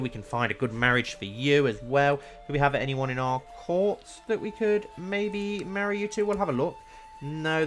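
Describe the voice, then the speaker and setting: A man streaming a strategy game, chatting casually and thinking aloud as he browses characters, often breaking into excited exclamations. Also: medium pitch. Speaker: let's play streamer. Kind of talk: casual gameplay commentary.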